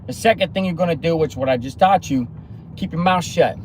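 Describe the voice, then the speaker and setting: A man talking through a motivational monologue, animated and storytelling, with acted-out bits of other people's lines. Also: on the high side, a little fast, slight background noise. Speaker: motivational speaker.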